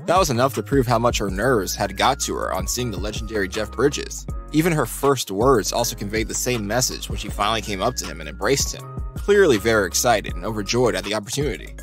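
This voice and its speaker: A man reading a scripted countdown narration in an even, steady delivery. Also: on the low side, fairly quick, faint music behind.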